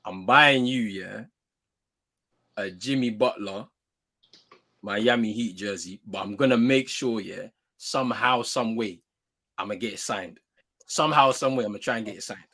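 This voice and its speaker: A young British man trades jabs on a casual sports show. His voice is bright and forceful, and he teases in easy, slangy banter. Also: lowish voice, measured pace, long pauses, low-quality recording. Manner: teasing, laddish banter. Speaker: co-host.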